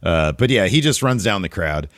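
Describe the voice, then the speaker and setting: Male podcast co-host, low voice, animated and profane, dry close sound. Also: no echo. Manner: animated, profane, quick asides. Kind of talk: casual wrestling review chat.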